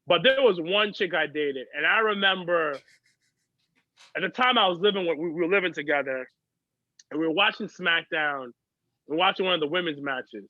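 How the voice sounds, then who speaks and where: A male podcast guest with a high, bright voice, chatty and profane as he tells his stories. The audio is dry and a little dull. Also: normal speed, dry recording. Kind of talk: casual chat.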